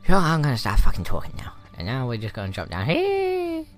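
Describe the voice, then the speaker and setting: A man's voice: medium pitch, wildly swooping pitch, fairly quick. A young man casually commentating his gameplay, rambling and swearing, easily riled. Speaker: let's play gamer. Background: game music.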